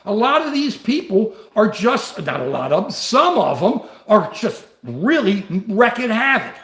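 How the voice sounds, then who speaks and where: A man's voice: high-pitched, very animated, unhurried, a bit bright, reverberant. An older man hosting a live stream, talking politics and answering viewer comments with passion. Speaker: livestream host.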